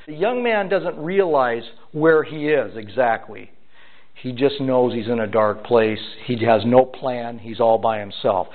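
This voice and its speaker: A man preaching a sermon and explaining scripture with lively rhetorical questions to his listeners. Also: medium pitch, unhurried. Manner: animated, rhetorical questions to the congregation. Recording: tinny phone-like sound.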